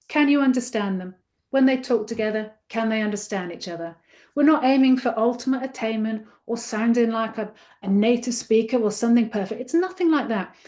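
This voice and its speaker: Upbeat, encouraging woman trainer, slightly high. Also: darkish tone. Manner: encouraging, chatty and interactive. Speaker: teacher trainer. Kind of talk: live online teacher-training webinar.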